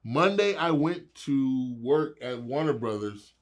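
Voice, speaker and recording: A man's voice: medium pitch, lively intonation, slow pace. A middle-aged man telling wild stories as a guest in a casual interview, laughing and acting out the voices of people he quotes.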